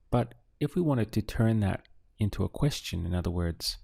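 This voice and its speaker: Man, language teacher, deep voice, mellow tone, dry close sound. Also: expressive, vocal fry, no room sound. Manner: slow, deliberate, models Spanish phrases. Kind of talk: scripted lesson narration.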